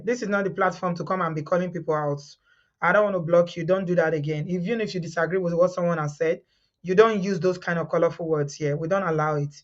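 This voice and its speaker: A woman's voice: lowish voice, highs cut off. A woman hosting a live call-in show, firmly moderating callers and the chat. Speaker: host.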